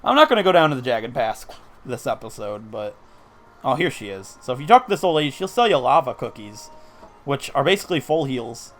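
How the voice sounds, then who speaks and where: A man's voice: medium pitch, very animated, fairly quick. A man giving casual, upbeat commentary while playing a video game, explaining his moves as he goes. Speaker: let's play commentator.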